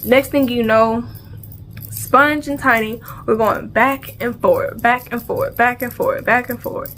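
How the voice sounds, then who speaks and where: Animated woman telling a story. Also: a little high, takes it slowly, slight background noise. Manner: animated, acts out sounds and dialogue; casual slang, repeats phrases. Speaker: vlogger. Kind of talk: storytime vlog.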